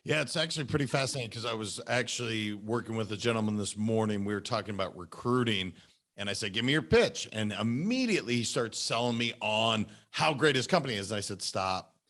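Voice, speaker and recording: A man's voice: lowish voice, fast, a bit bright. Male podcast host, easygoing and chatty. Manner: informal, calls guest "brother". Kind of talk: casual interview chat.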